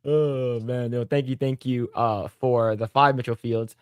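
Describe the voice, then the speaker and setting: A man hosting a casual podcast chat at a mid pitch. He rambles through thoughts with frequent fillers and restarts, and the sound is dry and close. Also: steady tone, unhurried, clean tone, no echo. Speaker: podcast host.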